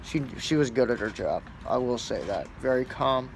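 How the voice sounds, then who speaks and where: Casual talker: a man, blunt and foul-mouthed, rambling storytelling, middle pitch, faint background noise. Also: animated, normal speed. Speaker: store shift supervisor.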